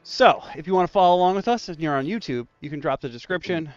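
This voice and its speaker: A man hosting a casual roundtable stream, telling stories with lively jumps in his voice. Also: a little high, fast talker, clean tone, no echo, dull audio. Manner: animated storyteller, voice jumps up in punchlines. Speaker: stream host, dungeon master.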